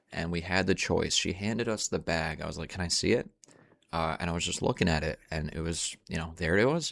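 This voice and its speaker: A man's voice: low-pitched, creaky, no room sound. A young man telling a rambling, profane, slang-heavy story at home in a casual monologue, full of fillers.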